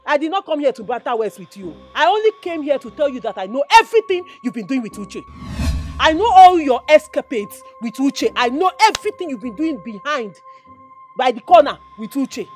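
An actress with a Nigerian accent playing a sharp-tongued fiancée who confronts the man she is to marry, mocking and scolding him in a Nigerian movie drama. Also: high voice, sing-song, fairly quick. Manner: mocking, scolding, switches into pidgin taunts. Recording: faint background music score.

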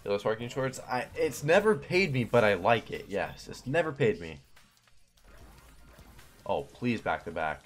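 Young male slot streamer, low pitch, wildly animated delivery, cursing and pleading with the game. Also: measured pace, pauses often, soft background music. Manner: excitable, swears, pleads with the game. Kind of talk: live gambling stream commentary.

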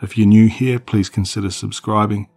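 A man narrating a scripted horror story in a measured, dramatic way. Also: lowish voice, steady tone, gravelly, a little mellow, slightly rough, faint music behind.

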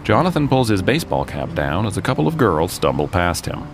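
An American man hosts a podcast, dramatically narrating a true story with jokey asides and banter between scenes. His voice is low, very animated, and a little fast, heard over a music bed.

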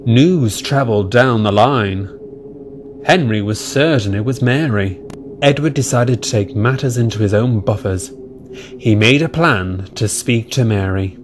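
A man's voice: mid-range voice, unhurried, slight background noise. Man narrating a spooky storybook. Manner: steady reading. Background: music.

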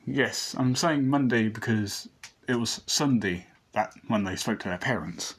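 A man's voice: mid-range voice, measured pace, husky. A man reading a fan story aloud, rambling with frequent restarts and asides.

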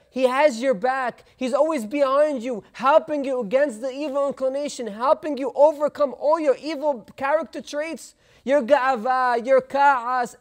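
A rabbi giving a sermon, telling a parable in an animated way and sprinkling in Hebrew terms. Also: male voice, very high-pitched.

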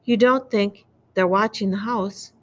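A woman's voice: medium pitch, fairly even intonation, measured pace, voice pushed up, lightly acted. A woman voicing an anxious, fussy middle-aged aunt in a storybook reading, speaking in a quivering, alarmed voice.

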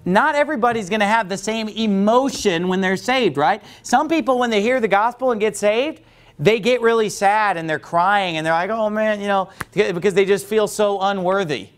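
A man preaching a sermon as pastor, animated, acting out quoted voices and often restarting. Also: sits high, moderate pace. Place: church.

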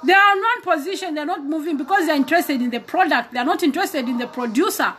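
A woman's voice: sits high, quick pace, pushed and bright, slight background noise. A woman preacher giving an exhorting sermon, acting out prayers and conversations with God. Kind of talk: casual sermon video.

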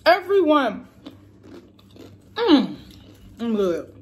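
A woman's voice: high-pitched, huge pitch swings, very slow, breathy edge, lo-fi sound. Chatty, swearing young woman vlogger. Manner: frank and chatty, swears freely. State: tired and crampy. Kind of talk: casual vlog chat. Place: in a car, then at home.

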